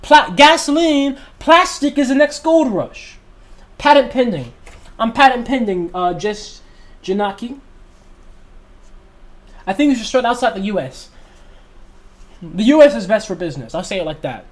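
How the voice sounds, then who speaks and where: A man's voice: high voice, sing-song, measured pace, long pauses. Passionate man ranting on a livestream. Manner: passionate, emphatic, repeats points. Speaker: livestream host. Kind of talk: casual livestream talk.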